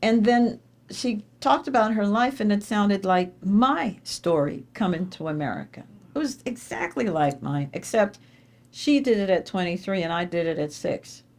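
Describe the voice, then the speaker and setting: A woman's voice: animated, normal speed, darkish tone. Woman giving an emphatic dinner speech. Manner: emphatic storytelling with sudden pitch jumps; repeats phrases for emphasis. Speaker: award honoree giving a speech. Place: dinner event hall.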